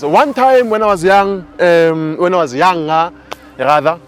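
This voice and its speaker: A man in his twenties with a South African accent, giving a casual, animated spiritual teaching talk. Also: on the high side, moderate pace, faint music behind. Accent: South African English. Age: 20s. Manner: animated storyteller.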